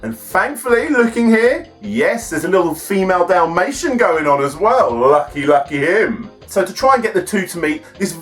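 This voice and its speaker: A man's voice: high voice, animated, normal speed, hardly any pauses, soft background music. A man hosting a film and game review, chatty and enthusiastic. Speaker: host.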